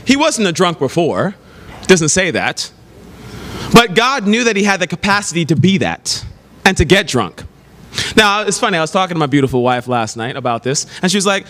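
A man preaching a sermon, telling lively stories with laughs and exclamations. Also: high-pitched, moderate pace. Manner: animated storytelling with laughs and exclamations. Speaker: pastor. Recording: long hall reverb, faint noise.

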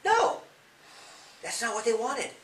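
A man's voice: extremely high pitch, big pitch swings, takes it slowly, a bit bright, slight background noise. A man who is a police officer, giving young people advice in an interview. He explains with questions and acts out examples. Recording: echoey room, mic at a distance.

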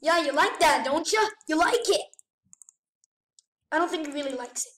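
Excitable high-voiced woman gaming. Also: moderate pace, echoey room, recorded from a distance. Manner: excitable, gasping, exclaiming. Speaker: gamer. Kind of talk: gameplay commentary.

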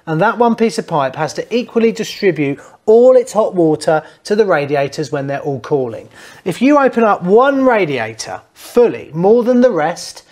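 With a medium-pitched, slightly mellow voice, a plumber hosting a how-to channel explains heating fixes to camera. His casual instruction comes across as blunt, teasing, and full of jokes.

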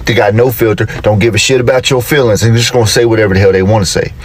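A man telling comic stories about his kids in an animated, exclaiming way. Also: lowish voice, rapid-fire. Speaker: comedic storyteller. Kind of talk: comedic storytelling.

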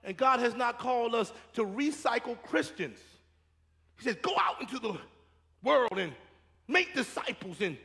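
High-pitched gravelly preacher in a hall. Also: male voice, very animated, normal speed, sharp tone. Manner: preaching with rising and falling intensity, repeating phrases. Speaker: pastor. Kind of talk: sermon. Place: church sanctuary. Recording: reverberant church hall.

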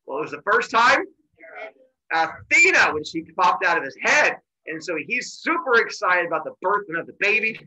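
Animated jokey male teacher telling myths. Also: high voice, moderate pace, rough recording. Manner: animated, jokey, deadpan asides. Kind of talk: comic myth storytelling to a class.

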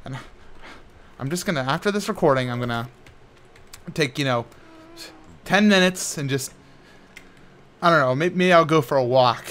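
A young man doing casual, rambling gameplay commentary as a gaming YouTuber, frustrated and sometimes yelling at the game. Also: fairly high pitch, moderate pace, pauses often, clean tone.

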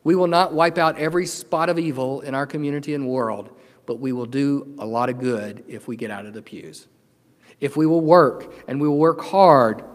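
A middle-aged man preaching a sermon as pastor, earnest and emotional, swinging from loud declarations to hushed, tender moments. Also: medium pitch. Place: church sanctuary. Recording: long hall reverb.

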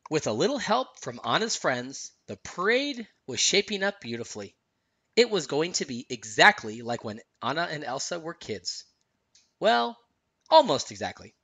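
A man narrating a children's storybook aloud in an expressive, sing-song way. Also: medium pitch, normal speed, dry recording. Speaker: storyteller dad.

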